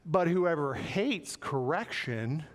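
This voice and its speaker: A man preaching a sermon, animated and playful, acting out quoted voices with joking asides. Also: on the high side, takes it slowly, long reverb tail. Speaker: pastor. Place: church sanctuary.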